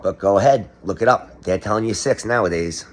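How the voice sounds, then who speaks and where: A man's voice: on the low side, fairly quick. A middle-aged man doing a comedic monologue, ranting sarcastically as if exposing a conspiracy. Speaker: comedic commentator.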